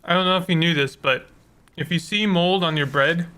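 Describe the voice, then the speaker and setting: A man's voice: a little high, moderate pace, sharp tone, clear, resonant tone. A man giving casual, rambling commentary while playing a video game, joking at his own expense. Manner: rambling, self-mocking jokes, laughs often.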